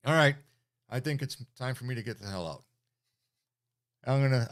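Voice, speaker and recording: A man's voice: medium pitch, creaky. Rambling, profane older male streamer. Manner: rambling, profane, many fillers and restarts. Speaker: livestreamer and military veteran. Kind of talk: casual storytelling on a livestream.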